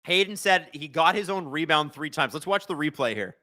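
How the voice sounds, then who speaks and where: A man hosting a live watch-along stream with a bright, somewhat high voice. His pitch swings widely as he jokes and reads viewers' chat. The delivery is excitable and conversational. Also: brisk. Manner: excitable, joking, chats with viewers.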